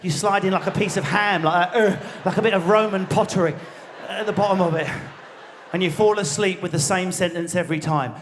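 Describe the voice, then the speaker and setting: A man in his forties with an Essex accent, riffing fast and crudely through a stand-up set with a high, bright voice. He jumps into squealed character voices mid-joke. A faint hum of the big theatre sits behind him. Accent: Essex English. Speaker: stand-up comedian. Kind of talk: stand-up comedy routine. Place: large theatre stage.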